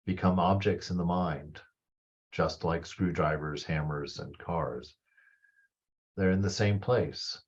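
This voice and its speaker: A man with a very deep, husky voice gives a reflective spiritual talk and muses aloud in a loose, conversational way. The recording sounds dull and lo-fi. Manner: conversational, musing, leans on 'you know'. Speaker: spiritual teacher.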